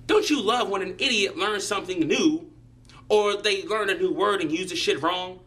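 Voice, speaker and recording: A man's voice: high-pitched, moderate pace, fairly bright tone. A man delivering a profane, sarcastic comedic rant to camera, mocking people and sometimes putting on voices. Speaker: vlogger.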